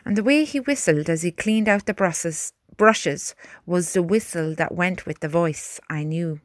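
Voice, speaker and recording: A woman's voice: on the low side, unhurried, no room sound. Woman narrating a story, dry sound. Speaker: audiobook narrator.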